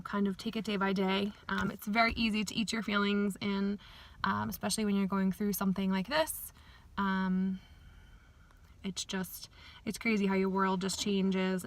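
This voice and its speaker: A woman giving a candid, rambling personal video update, speaking plainly with many pauses and fillers. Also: mid-range voice. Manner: speaks plainly about grief and dieting. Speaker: vlogger.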